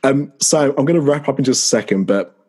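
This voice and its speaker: A man hosting a podcast, asking relaxed questions and reacting briefly to his guest's stories. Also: mid-range voice, brisk, husky. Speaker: podcast host. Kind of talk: casual interview chat.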